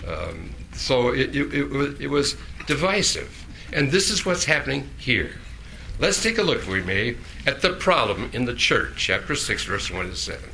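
A man preaching a sermon as pastor, often chuckling and correcting himself with quick asides. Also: mid-range voice, sing-song, creaky, sharp tone, slight background noise.

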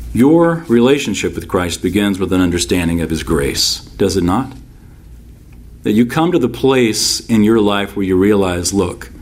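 A male pastor delivers a sermon in a voice of ordinary pitch for a man. He drives each point home by saying it twice. He slips easily into relaxed, folksy storytelling full of asides. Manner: emphatic, repeats key phrases.

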